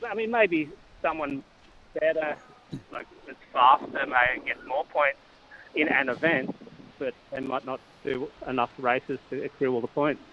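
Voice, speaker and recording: A man's voice: mid-range voice, sing-song, measured pace, gravelly, slight background noise. Australian man, middle-aged, on a muffled line. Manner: hesitant, many fillers and restarts, chuckles often. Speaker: cycling coach and parent guest. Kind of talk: casual interview chat.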